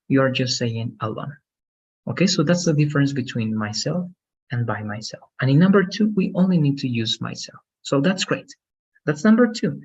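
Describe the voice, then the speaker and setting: A man's voice: mid-range voice, highs cut off, a little hiss or hum. A man teaching English grammar one-on-one, explaining patiently and checking for understanding with frequent "okay?".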